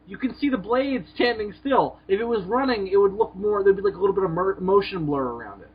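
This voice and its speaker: Animated high-voiced podcast guy, husky. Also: fast, few pauses, lo-fi sound. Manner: animated, swearing, rating pictures with jokes. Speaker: podcast co-host. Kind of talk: casual comedic banter.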